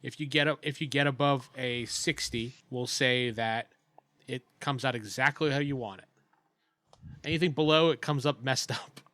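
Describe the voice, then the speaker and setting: A man's voice: mid-range voice, moderate pace, sharp tone, dry recording. A man narrating a tabletop role-playing game as dungeon master, explaining rules and describing scenes in an easygoing way.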